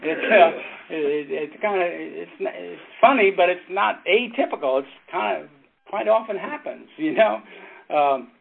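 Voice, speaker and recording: Pastor, rambling storyteller, slightly high male voice, phone-thin audio. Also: animated, vocal fry. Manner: rambling storyteller, halting restarts, chuckles often. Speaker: pastor and former Navy chaplain. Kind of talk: informal Bible study teaching. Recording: tinny phone-like sound with faint noise.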